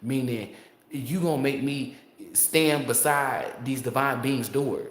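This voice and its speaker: A man's voice: medium pitch, unhurried. Heated, profane man ranting in an echoey room. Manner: heated, profane, rambling rant. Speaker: tarot reader. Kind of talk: tarot reading monologue.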